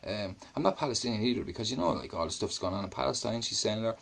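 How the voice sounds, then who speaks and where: A man's voice: on the low side, lively intonation, fast, creaky, fairly bright tone, breathy edge. An Irish man giving blunt, sarcastic commentary on a video he is playing, swearing freely. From Ireland. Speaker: YouTube commentator.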